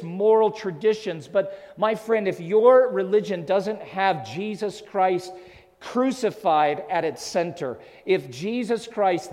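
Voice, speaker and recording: Pastor preaching in a reverberant hall. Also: male voice, high-pitched. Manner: swells loud on key phrases, drops to hushed tones. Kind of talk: sermon. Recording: long reverb of a large hall.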